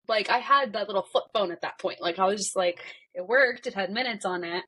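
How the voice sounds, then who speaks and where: A woman's voice: medium pitch, brisk, few pauses, pushed and bright, breathy edge. A woman in her thirties, a podcast guest, retelling a personal story with many "like" fillers and acted-out dialogue.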